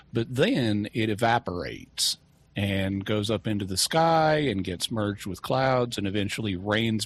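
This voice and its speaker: A man answering listener questions on a talk show, measured and precise, with a dry wit. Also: lowish voice, husky. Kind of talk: explanatory talk.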